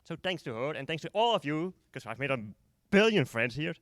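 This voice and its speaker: A man's voice: a little high, very animated, brisk, fairly bright tone, no echo, clean studio sound. A man at a live event giving a short, heartfelt thank-you speech to his friends. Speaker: event participant.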